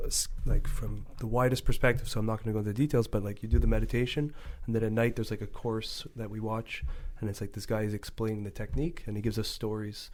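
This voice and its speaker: A man's voice: fairly low pitch, little pitch movement, quick pace, few pauses, a little mellow. A man co-hosting a casual podcast chat, telling a long story in a rambling, easygoing way and swearing often. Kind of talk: casual conversation.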